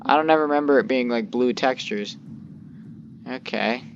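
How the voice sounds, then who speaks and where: A man's voice: mid-range voice, moderate pace, muffled recording, a little hiss or hum. A man giving casual gameplay commentary, rambling with lots of fillers and mild cursing into a desk microphone. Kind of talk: casual let's-play commentary.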